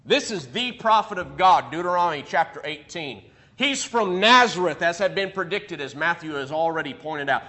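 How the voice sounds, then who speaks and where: High, bright-voiced man teaching a Bible class. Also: normal speed. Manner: animated, acts out quoted speech with rising emphasis; thinking aloud with restarts while checking notes.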